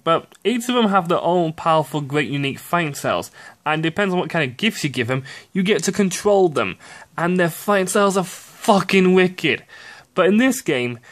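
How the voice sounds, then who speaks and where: A young man giving profane, ranting commentary on video games, excitable and quick to burst out shouting. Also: mid-range voice. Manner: excitable, swears often, sudden shouty outbursts. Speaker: gaming commentator.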